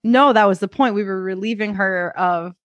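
A woman in her thirties, co-hosting a podcast and telling a lively story in a casual chat. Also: medium pitch, normal speed, no echo, lo-fi sound. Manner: animated storyteller, acts out kids and herself. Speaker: podcast co-host.

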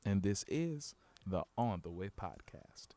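Animated man co-hosting a podcast. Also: sits low, unhurried. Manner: playful, joking, full of restarts. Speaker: podcast co-host. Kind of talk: casual chat.

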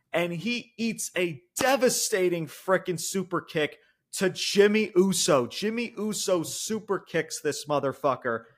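A man with a slightly higher-than-average voice talks through a wrestling recap in loose, excitable commentary. He swears freely and often stumbles and restarts mid-sentence. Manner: excitable, profane, trips over words. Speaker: wrestling show reviewer.

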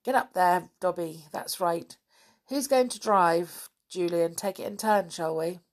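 A woman's voice: lowish voice, measured pace. A woman reading a storybook aloud, voicing a cheerful, jolly schoolboy.

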